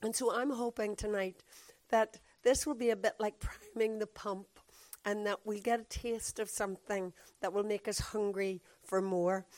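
A woman with a Belfast accent, her voice croaky and hoarse, giving an earnest sermon on the Holy Spirit. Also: medium pitch. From Northern Ireland. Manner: earnest, warm teaching tone with fillers. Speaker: preacher.

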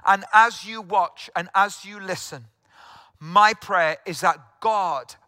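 A middle-aged man from South Wales preaches to an online congregation with a high, forceful voice. He addresses listeners directly and earnestly, and he repeats key phrases for emphasis. The sound is dry and close, with no room around it. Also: slow, dry recording. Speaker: pastor.

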